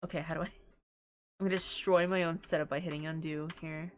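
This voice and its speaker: A woman streamer chatting casually and excitedly while playing through a game, with giggly asides. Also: low voice, a little fast.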